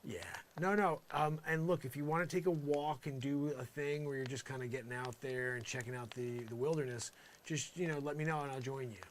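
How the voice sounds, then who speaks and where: A man's voice: medium pitch, steady tone, brisk, a little hiss or hum. A man hosting a live show, delivering an improvised comedy monologue in a rambling, mock-aggrieved way, full of "you know".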